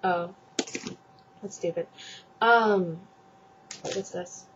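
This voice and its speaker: A woman's voice: on the low side, drawn-out words, background noise. A young woman vlogging casually, chatty and gushing, full of fillers, recorded on a camera's built-in microphone. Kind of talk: casual chat. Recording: dull lo-fi webcam audio.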